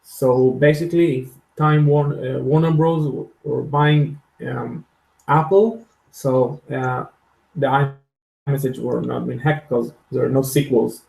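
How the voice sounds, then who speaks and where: Slow, gravelly man. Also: mid-range voice, fairly even intonation, darkish tone. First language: Hebrew. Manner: halting, searching for words. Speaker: podcast co-host. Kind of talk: casual podcast discussion. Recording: echoey room sound.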